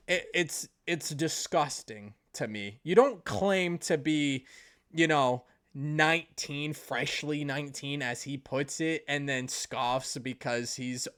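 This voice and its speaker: Man, angry commentary, blunt and indignant, mid-pitched voice, swears. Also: fairly bright tone. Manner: indignant, blunt, swears, retells chat lines. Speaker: commentary YouTuber.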